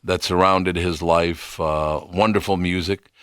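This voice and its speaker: A man hosts a morning radio interview in a very low voice. He talks in a loose, conversational way, often restarting his sentences. The mic sound is dry and close. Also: steady tone, measured pace, fairly bright tone, clean tone, no echo. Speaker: radio show host.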